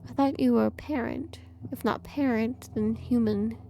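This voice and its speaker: A woman's voice: fairly high pitch, fairly even intonation, moderate pace, vocal fry, dark tone, a little hiss or hum. A woman voicing a male artificial child creature who talks in a pained, pleading way to the one who raised him.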